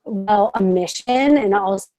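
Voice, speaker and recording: An American woman, a counselor by trade, talks as a podcast guest in an eager, reflective manner. Her voice sits at a medium pitch with a mellow, darker tone. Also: unhurried. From United States. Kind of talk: casual podcast conversation.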